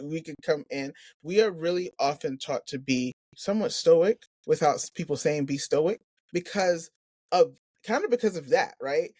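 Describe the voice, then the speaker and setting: A woman's voice: low-pitched, a little mellow, no echo, studio quality. A woman from New York, a physician hosting a podcast, chatting in an affirming, reflective way with her guest. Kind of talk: casual interview chat.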